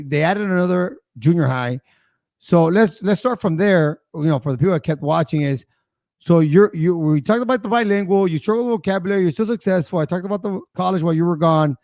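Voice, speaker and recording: Gravelly, chatty male livestream host. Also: high-pitched, darkish tone, dry recording, studio quality. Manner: chatty storyteller, laughs often; rambling with filler asides. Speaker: host of a live show. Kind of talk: casual livestream chat.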